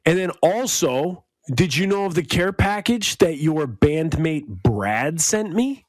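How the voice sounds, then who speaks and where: A man co-hosting a podcast in casual chat, riffing with deadpan jokes. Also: on the high side, slow, dry recording, studio quality. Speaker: podcast co-host.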